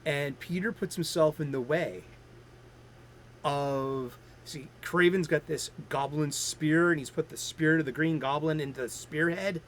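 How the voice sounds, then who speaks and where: A man's voice: fairly high pitch, a bit bright, a little hiss or hum. A man in his fifties hosting a casual comic book review stream, chatty and rambling, with frequent restarts. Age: 50s. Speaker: host.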